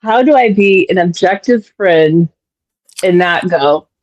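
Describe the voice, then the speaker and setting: A woman in casual chat who gossips excitedly and leaps up in pitch when quoting others. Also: measured pace, low-quality recording. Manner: excitable, gossipy, big pitch swings in quotes.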